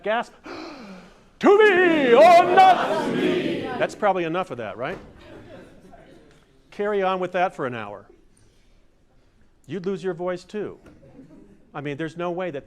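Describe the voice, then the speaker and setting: Playful older man leading a movement workshop. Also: medium pitch. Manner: playful, demonstrative, acts out overblown theatrical lines. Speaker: masterclass presenter. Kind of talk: workshop lesson with audience exercises. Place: room with a live audience.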